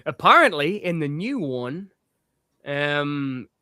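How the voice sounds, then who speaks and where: A man chats casually as co-host of a film livestream. His voice sits a little high and sounds dry and close. He rambles with enthusiasm and often breaks into laughter. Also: sing-song, takes it slowly, pushed and bright, no echo.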